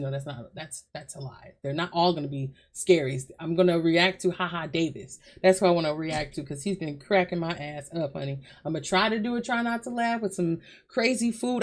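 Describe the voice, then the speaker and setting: A woman hosting a reaction video, chatting loosely with her viewers from a hot bedroom at home, swearing freely and calling them y'all. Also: medium pitch. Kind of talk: casual chat to viewers.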